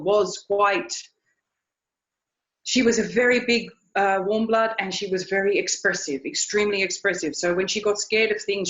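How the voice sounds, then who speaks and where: A woman's voice: mid-range voice, a bit bright. A woman riding instructor telling a story in a recorded interview, earnest, often repeating her words. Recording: echoey, dull lo-fi sound.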